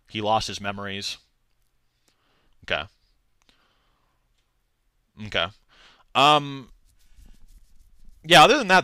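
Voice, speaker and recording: Rambling young man with a bright voice. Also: on the low side, clear, resonant tone, no room sound, studio quality. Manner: loose and rambling, heavy on filler words and slang. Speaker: streamer. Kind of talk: casual livestream rant.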